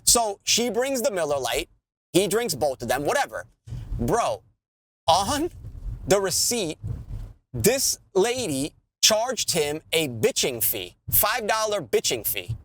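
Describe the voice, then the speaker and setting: A man's voice: high voice, slow, slight background noise. A man, co-hosting a podcast and ranting in casual, profane chat. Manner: animated, swearing ranter. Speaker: podcast co-host.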